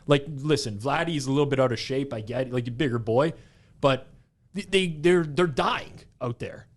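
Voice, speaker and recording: This is a young adult man co-hosting a casual podcast chat, with a voice pitched in the ordinary middle for a man. He gets animated and rambles, running sentences together and leaning on "like" as he goes. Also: moderate pace. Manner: animated, rambling, heavy use of "like". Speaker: podcast co-host.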